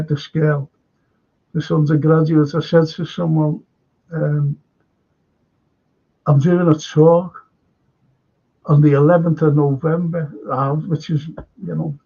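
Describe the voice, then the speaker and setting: A man with a Scouse accent hosts a live stream in a fairly high, creaky, husky voice with a warm tone, heard through a muffled recording. He chats casually in a rambling, stop-start way and reads out viewer comments.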